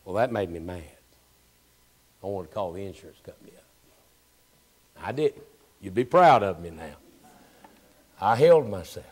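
A man preaching a sermon as pastor. He moves between hushed, almost whispered lines and loud, emphatic, repeated phrases. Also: on the low side, animated, normal speed, pauses often, breathy edge. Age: 60s. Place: church.

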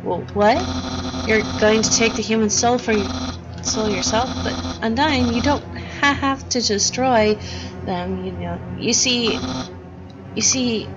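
A woman's voice: a little high, unhurried, dull audio, voice pushed up, close to an everyday voice. Woman reading as a flustered skeleton guard. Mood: nervous reporting. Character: boastful lanky male skeleton guard. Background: game music.

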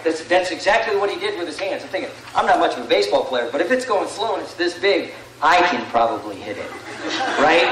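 A man giving a live seminar talk to an audience, rambling and animated and often asking "right?". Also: fairly high pitch, a little fast, background noise. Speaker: seminar speaker. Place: large room with an audience. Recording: echoey room, far from the mic.

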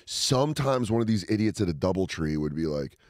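A man guest on a podcast, chatting casually and telling profane stories, often breaking into loud, high-pitched impressions. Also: lively intonation, a little fast, no echo, clean studio sound. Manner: profane, laughs through his stories.

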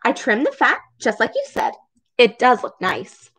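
A cheerful, literal-minded young housemaid, as a woman puts her on for a storybook, sounding pleased and innocent. Her voice sits up high in a sweet, lifted register. It swings up and down with a sing-song bounce. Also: wildly swooping pitch, moderate pace, fairly bright tone, breathy edge, heavily acted.

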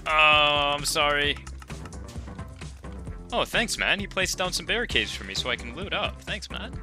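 Excitable man shouting over gameplay, music behind. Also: high-pitched, brisk. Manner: excitable, bursts into loud shouting and laughter, makes playful beep sounds. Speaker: gaming video creator. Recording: clear background music. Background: background music.

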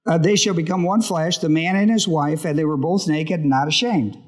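Male pastor, slightly high voice, Bible study sermon; reads a verse, then pauses to quiz the congregation. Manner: reads scripture and breaks off with questions to the congregation.

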